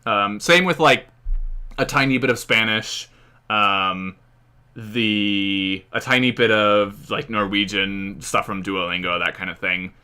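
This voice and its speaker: An American man rambles through a relaxed live-stream Q&A, leaning on fillers and small chuckles. His voice is bright and forward, with a smooth, clean tone. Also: on the low side, slow pace. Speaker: history channel host. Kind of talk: casual live-stream Q&A chat.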